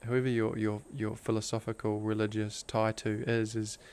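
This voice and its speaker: A man's voice: fairly low pitch, monotone, normal speed, a little mellow, clean tone. A young man, a podcast guest, telling a personal story in an earnest, intense way, full of "like" fillers. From Australia. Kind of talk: casual storytelling interview.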